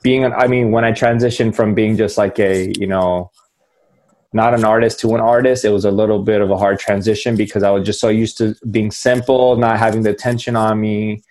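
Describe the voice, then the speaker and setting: Laid-back man, relaxed guest. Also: fairly low pitch, brisk. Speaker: guest musician. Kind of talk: interview, casual chat.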